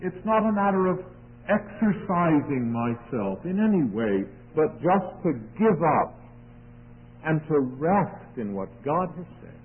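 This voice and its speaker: A man's voice: fairly high pitch, very animated, takes it slowly, breathy edge. A man preaching verse by verse, reading scripture aloud and then explaining it. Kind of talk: radio Bible teaching. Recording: tinny phone-like radio broadcast.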